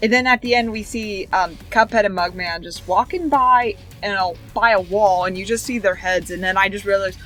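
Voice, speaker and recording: A woman's voice: mid-range voice, normal speed, few pauses, fairly bright tone, soft background music. A woman recapping cartoon episodes in a casual, rambling way, chaining events with "and then" and "like", with giggly asides. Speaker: show reviewer.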